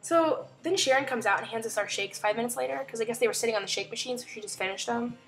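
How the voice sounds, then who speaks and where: A young woman vlogging casually at home tells a chatty story, acting out other people's lines in quoted voices as she goes. She's a fast talker with a fairly high-pitched voice.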